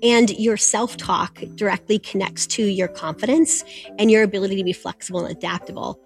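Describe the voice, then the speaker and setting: A woman's voice: mid-range voice, brisk, faint music behind. A woman guest who works as a performance coach, explaining her techniques in an encouraging, instructive way.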